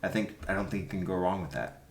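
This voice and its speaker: A man's voice: sits low, quick pace, gravelly. Emphatic man in a roomy room. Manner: emphatic, animated storyteller. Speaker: youth soccer club coach. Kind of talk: casual podcast chat. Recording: roomy echo.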